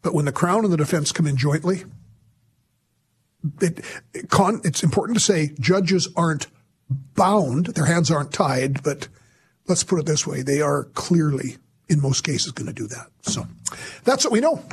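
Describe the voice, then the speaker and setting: A male radio host with a somewhat high, husky voice delivers pointed commentary. His tone is sarcastic and emphatic, and he punches key words with sudden rises in pitch. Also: lively intonation, normal speed, long pauses. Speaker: radio talk show host.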